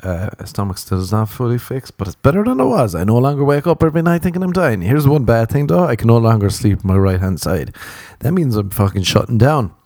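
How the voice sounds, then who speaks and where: A man's voice: medium pitch, very animated, fairly quick, few pauses, a little mellow, no echo. A young Irish man in his twenties, rambling through a comedic solo chat, profane and self-mocking, close to the mic. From Ireland. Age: 20s.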